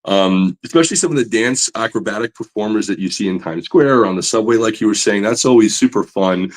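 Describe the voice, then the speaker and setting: A man, a comic book artist, chatting as a guest in an interview, telling stories with lively enthusiasm and many fillers. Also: fairly low pitch, fairly quick. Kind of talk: casual interview storytelling.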